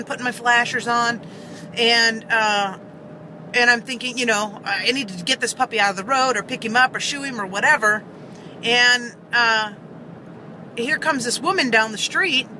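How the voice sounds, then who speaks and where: A woman's voice: on the high side, pushed and bright, slight background noise, poor audio. A woman vlogger earnestly telling a story to camera, rambling with many fillers and restarts, seated in a car.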